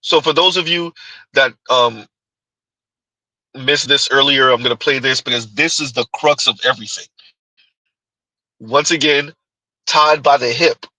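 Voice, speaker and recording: A man's voice: medium pitch, a little slow, long pauses, bright, forceful tone, dry recording, low-quality recording. A man hosting a reaction commentary, talking rhetorically and often asking his audience "huh?". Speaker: commentary channel host.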